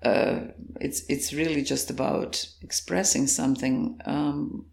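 A woman from Croatia speaks in an interview, her Croatian accent plain as she thinks aloud about her work. Her voice has a gravelly, fry-edged texture, and she laughs easily between thoughts. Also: very deep voice, fairly even intonation, slow pace, a little mellow. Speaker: guest, actor and playwright. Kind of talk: interview conversation.

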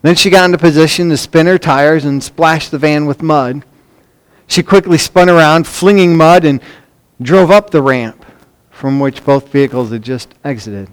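Emphatic male preacher, fairly high voice. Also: clean tone. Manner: emphatic preaching with repeated words and anecdotes. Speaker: pastor. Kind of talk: sermon.

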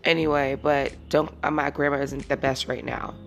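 Low gravelly woman in her thirties. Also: little pitch movement, moderate pace, faint music behind. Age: 30s. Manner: rambling, candid, drifting into emotion. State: teary, emotional. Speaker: podcast host. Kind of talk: casual solo podcast monologue.

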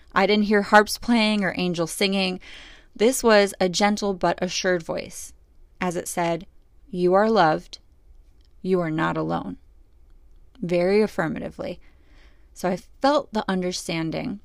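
A middle-aged woman with a low, gravelly voice tells a personal story. She talks earnestly and reflectively, with plenty of pauses and fillers. The sound is close and dry, with no room around it. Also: no echo. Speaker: podcast host.

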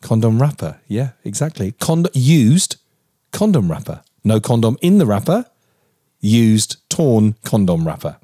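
A man in his forties co-hosting a podcast, telling a story in animated, mock-outraged casual chat and swearing freely. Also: on the low side, unhurried, dry recording, clean studio sound. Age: 40s. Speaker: podcast co-host.

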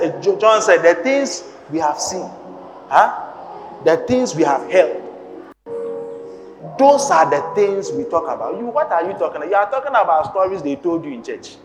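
A man's voice: sits high, big pitch swings, normal speed, pauses often. Emphatic preacher man in an echoey hall. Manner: emphatic, repeated pointed questions. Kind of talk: sermon. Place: church hall.

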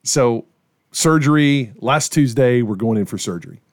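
A middle-aged man spins a story in relaxed conversation, now and then slipping into the voices of the people he quotes. His voice sits at an ordinary pitch, and the sound is close and dry with no room around it. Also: normal speed, dry recording. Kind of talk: casual storytelling chat.

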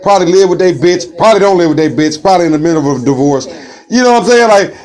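A man telling stories in a casual chat, loud and animated, acting out the voices of the people in them. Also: sits high, rapid-fire. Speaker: storyteller in a casual conversation.

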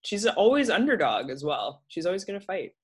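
A co-host in a casual podcast chat whose pitch swings widely and expressively. The talk is playful, with laughs and jokey asides between remarks. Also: very animated, brisk, slightly rough. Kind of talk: casual chat recapping a reality show.

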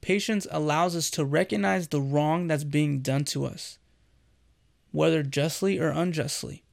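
A man's voice: a little high, a little slow, creaky. A man giving an earnest, conversational sermon as a devotional host, speaking directly to the listener.

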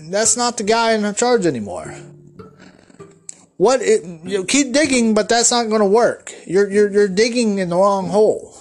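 A man delivering a solo podcast monologue, ranting in a rambling, profane way with lots of restarts. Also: high-pitched. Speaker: podcast host.

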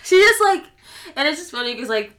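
A woman's voice: high voice, sing-song, a little fast, pushed and bright. Wry young woman laughing in an echoey room. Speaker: podcast co-host. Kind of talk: casual recap chat.

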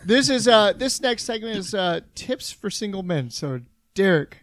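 A man co-hosting a podcast, reading out a list at the table and throwing in dry, quick quips. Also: high voice, animated, fairly bright tone, dry recording. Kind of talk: casual banter. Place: table in a dry studio room.

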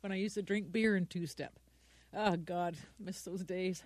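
A woman's voice: lowish voice, steady tone, moderate pace, darkish tone, no room sound. A woman co-hosting a talk show in a casual chat, giggly, rambling and playfully pushy. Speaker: podcast co-host.

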